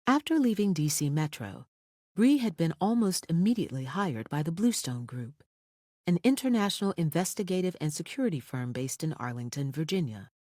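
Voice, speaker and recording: An audiobook narrator reading a thriller in a measured, expressive storytelling manner on a close studio mic. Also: mid-range voice, dry recording.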